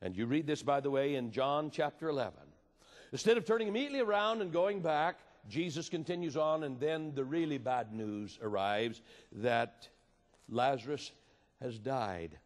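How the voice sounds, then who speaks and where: A man preaching a sermon with passion, moving between loud appeals and hushed storytelling. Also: mid-range voice, animated, normal speed. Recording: reverberant hall.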